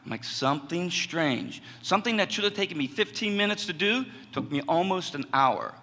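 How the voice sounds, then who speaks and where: Middle-aged male professor, animated storyteller, bright clear tone, hall reverb. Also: sits high, quick pace. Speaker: assistant professor of communication. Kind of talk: personal testimony to a college audience.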